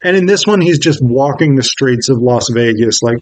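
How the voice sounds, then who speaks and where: A man's voice: mid-range voice, expressive, moderate pace, dry recording, poor audio. A man reviewing a film in a casual, wry video essay, swearing freely as he talks.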